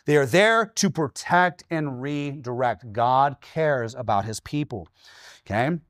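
Animated man preaching a sermon. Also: mid-range voice, a little slow, no room sound, clean studio sound. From Washington state, USA. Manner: animated storytelling, acting out his own quoted lines; checks in with "okay?" often. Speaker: pastor.

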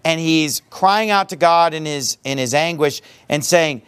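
A man preaching a sermon with a high voice. He is emphatic, posing rhetorical questions and answering them himself. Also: measured pace, clear, resonant tone.

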